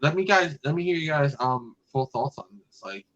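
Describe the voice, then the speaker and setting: A man's voice: a little high, expressive, normal speed, fairly bright tone, muffled recording. A man hosting a casual fan podcast, talking in a rambling way with lots of fillers and restarts. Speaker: podcast host.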